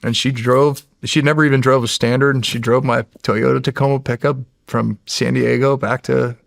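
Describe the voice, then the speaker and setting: A middle-aged man from the United States with a gravelly, fry-touched voice, telling stories from his service years. He talks casually and in an animated way, full of fillers and restarts, at an everyday pitch for a man. The sound is close and dry, with no room around it. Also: normal speed, no echo. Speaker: podcast guest, former Navy SEAL. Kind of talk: casual storytelling.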